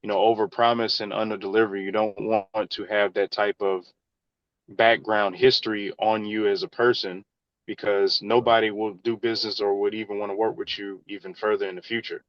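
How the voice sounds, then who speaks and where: A man's voice: fairly low pitch, level tone, moderate pace, dry recording, dull audio. A man, an engineer in real estate, answering interview questions in an earnest, conversational way. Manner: earnest, advice-giving, conversational.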